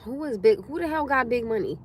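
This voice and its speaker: A woman's voice: a little high, fast, a little hiss or hum. Chatty swearing woman on a live stream. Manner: chatty, swears freely, answers chat comments, animated. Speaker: livestream host. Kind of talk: casual livestream chat with viewers.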